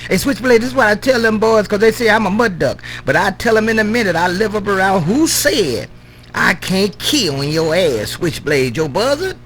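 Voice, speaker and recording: A man in casual CB radio banter, drawling and repeating his sign-off catchphrase, his words trailing off low. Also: animated, moderate pace, a bit bright, slight background noise. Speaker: CB radio operator.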